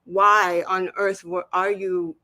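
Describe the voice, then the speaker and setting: A woman's voice: lowish voice, level tone, takes it slowly, bright, forceful tone, no echo. A woman talking on a livestream in a casual chat, rambling and interrupting herself as she gets heated. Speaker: guest on a livestream talk.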